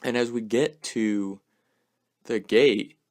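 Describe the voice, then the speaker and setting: A young man tells a story in a loose, rambling way. His voice sits in an ordinary middle pitch, and he peppers his lines with "like" and casual swearing. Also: takes it slowly, a little mellow. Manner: swears a lot, fills speech with "like".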